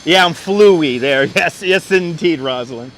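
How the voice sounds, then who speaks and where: A man's voice: a little high, a little slow, fairly bright tone. Congested man live-streaming a street walk. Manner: chatty, greets viewers by name as he walks. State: congested, a little under the weather. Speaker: live-streaming walking tour guide. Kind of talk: casual live-stream walking commentary. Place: outdoors on city streets. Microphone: wireless clip-on mic. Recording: faint street and traffic noise.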